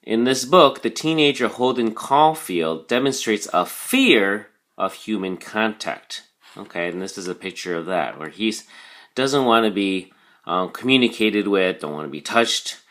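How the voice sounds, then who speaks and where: A man's voice: on the low side, lively intonation, measured pace, fairly bright tone. A man teaching a recorded vocabulary lesson, explaining patiently with frequent ums and "okay?" check-ins.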